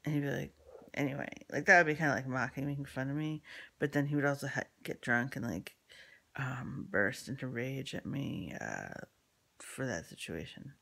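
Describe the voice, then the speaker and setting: With a mid-range, lively, creaky voice that sounds pushed and bright, the speaker goes at a moderate pace through a rambling personal story. The casual talk is full of swearing, fillers, and restarts, with frequent drops into unvoiced whispered asides.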